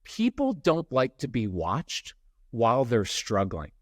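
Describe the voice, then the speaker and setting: A man's voice: medium pitch, slow, dry recording, clean studio sound. A middle-aged man speaking as a podcast guest, telling stories and acting out the people in them. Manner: animated storyteller who acts out quotes. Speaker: podcast guest, parenting expert. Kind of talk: conversational interview, storytelling.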